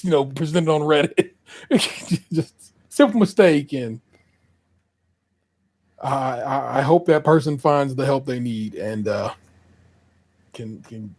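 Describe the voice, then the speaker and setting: A man with a fairly high, husky voice co-hosts a casual podcast. He talks in a laid-back, slangy way, laughing often and stumbling over repeated words. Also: a little mellow. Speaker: podcast co-host.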